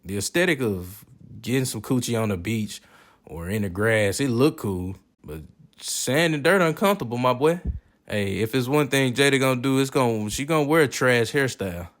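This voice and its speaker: A man's voice: mid-range voice, moderate pace. A man giving casual, joking and profane commentary while reviewing movies. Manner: profane, joking, animated reactions.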